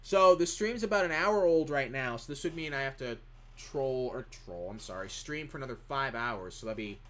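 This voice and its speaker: A man's voice: medium pitch, expressive, normal speed, fairly bright tone. A man streaming live, chatting casually in a rambling way as he reads chat questions aloud and answers them.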